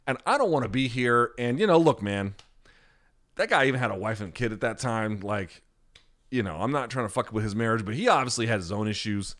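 A young adult man hosting a podcast, telling a profane, animated story in a casual chat and answering questions. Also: mid-range voice, brisk. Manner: profane, animated storyteller acting out other voices. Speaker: podcast host.

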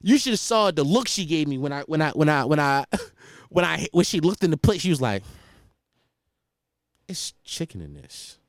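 A young man rants on his podcast in a high voice that swoops up and down as he talks. He is profane and animated, and he laughs at his own stories. The sound is dry and close. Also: brisk, dry recording. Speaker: podcast host. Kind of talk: casual comedic rant.

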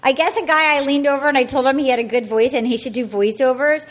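A woman hosts a casual podcast in a high voice. She is excitable and laughs easily, keeping the chat loose. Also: fast. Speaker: podcast host.

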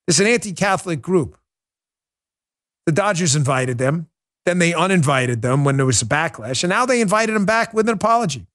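Animated middle-aged male commentary host. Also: a little high. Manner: animated, mocking, quick asides and restarts. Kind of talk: political commentary monologue.

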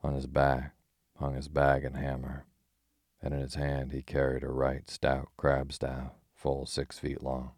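A man narrating an old tale in an audiobook, in a measured, steady way. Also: a bass voice, dry recording, clean studio sound.

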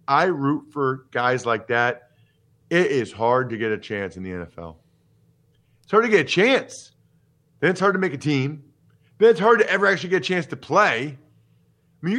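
Bright-voiced, emphatic male podcast host. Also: mid-range voice. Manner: animated, emphatic, opinionated and joking. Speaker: podcast host and former football player. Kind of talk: casual sports podcast chat.

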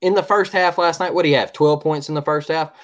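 A man rants through a sports podcast recap. He keeps circling back to the same point and punches his lines with "all right?" His voice sits a bit high for a man. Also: steady tone, quick pace, fairly bright tone. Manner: heated, repetitive, keeps asking "all right?". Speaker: podcast co-host.

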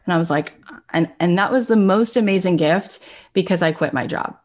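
A woman's voice: on the low side, normal speed. A young adult woman telling a personal story in a casual, chatty way, with lots of filler words. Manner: chatty, frequent "like" fillers, animated retelling. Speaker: guest.

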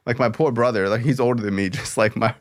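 A male podcast host with a voice of ordinary, middling pitch. He tells his story in a loose, casual way, swearing freely and leaning on "like" between phrases. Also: steady tone, fast. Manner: loose, profane, filler-heavy with lots of "like".

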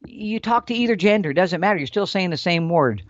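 A man explaining elk calling tactics in a folksy, animated storytelling manner. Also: high voice, fast, no echo, dull audio. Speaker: elk hunting instructor.

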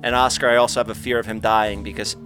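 A man hosting a podcast in casual, loud, joking banter with his guests, swearing freely. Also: on the low side, flat delivery, fast, soft background music. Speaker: podcast host.

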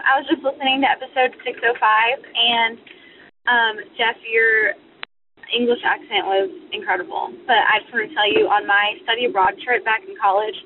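A woman's voice: on the high side, slight background noise. Teasing woman on a tinny phone line. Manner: playful teasing. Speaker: caller. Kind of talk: phone voicemail message.

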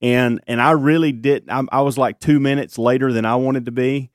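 A morning radio host with a mid-range, fairly even voice speaks at a normal speed in a dry, studio-quality recording. He rambles through a long story in casual chat, with many restarts and ums.

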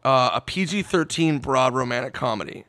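A man telling a story in casual podcast chat, animated and swearing, acting out what others said. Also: medium pitch, brisk, dry recording. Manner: animated, swearing, acts out quotes. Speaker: podcast guest.

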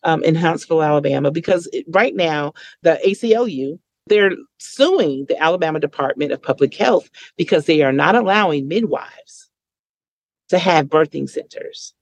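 A woman speaking as a podcast guest, telling stories in a lively way and acting out other people's voices. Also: moderate pace, no echo. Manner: lively, acts out quoted voices with big pitch jumps. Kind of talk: conversational storytelling.

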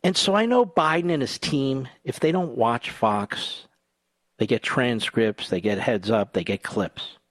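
This male radio host's monologue is sarcastic and combative, moving between booming outbursts and low, quiet asides. He keeps a measured pace, and the audio carries no echo.

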